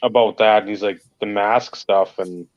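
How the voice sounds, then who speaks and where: A man's voice: on the low side, fairly even intonation, normal speed, lo-fi sound. A man co-hosting a podcast in laid-back casual chat. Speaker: podcast co-host.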